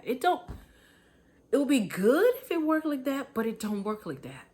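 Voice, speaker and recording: A woman's voice: high voice, sing-song, normal speed, a little mellow. Emphatic woman preaching motivation. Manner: emphatic, repetitive, colloquial, chuckles. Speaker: motivational speaker.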